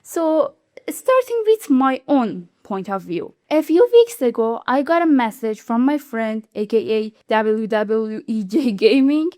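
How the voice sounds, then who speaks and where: A non-native English-speaking woman hosting a YouTube commentary, explaining in an animated, indignant way. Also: on the high side, measured pace, no echo, studio quality. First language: not English. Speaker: YouTube channel host. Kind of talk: video commentary.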